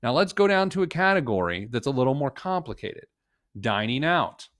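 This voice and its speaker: A man's voice: mid-range voice, sing-song, normal speed, fairly bright tone, dry recording, studio quality. Chatty man teaching budgeting live. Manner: chatty and joking, with frequent asides and restarts. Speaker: financial planner teaching a live budgeting session. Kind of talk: casual live-stream tutorial.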